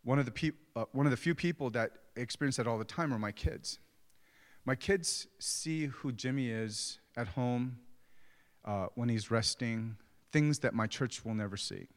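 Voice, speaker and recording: A man's voice: medium pitch, moderate pace. A middle-aged man preaching as a pastor, conversational and self-deprecating as he tells stories about his own family. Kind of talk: sermon. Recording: long hall reverb.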